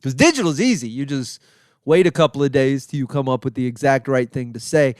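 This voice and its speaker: A man with a smooth, resonant voice at a middle pitch talks in a loose, joking way, drifting from point to point as a comedian hosting his show. The sound is dry and close, with no room echo. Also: lively intonation, fairly quick, darkish tone. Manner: rambling, joking, self-deprecating. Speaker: comedian and podcast host. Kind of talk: casual solo podcast monologue.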